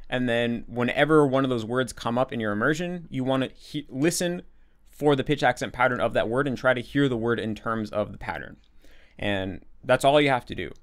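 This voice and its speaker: Guy hosting a q&a, mid pitch, talks in loops, restarts a lot, quotes his own thoughts out loud. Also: clean tone. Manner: rambling with frequent restarts and repeated words. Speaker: language-learning channel host. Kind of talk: casual Q&A explanation.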